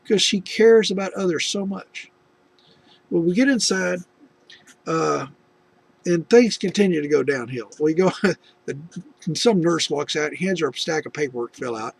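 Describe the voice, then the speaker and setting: A man's voice: sits high, normal speed, creaky, long pauses, husky, no echo. A middle-aged man from the United States telling a personal faith testimony, rambling with many restarts and asides. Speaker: video testimony host.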